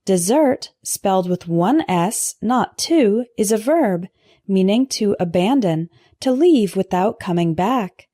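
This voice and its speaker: A woman teaching English vocabulary in a scripted lesson, pronouncing word pairs slowly and carefully for learners to repeat. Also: mid-range voice, lively intonation, mellow, dry recording, studio quality. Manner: slow, careful pronunciation drills.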